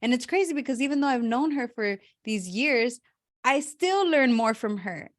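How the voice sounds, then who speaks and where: A woman's voice: a little high, lively intonation, normal speed. A thirty-year-old woman hosting an online summit, introducing a speaker in a chatty, rambling way that keeps correcting itself. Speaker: summit host and life coach. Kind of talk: casual introduction on a video call.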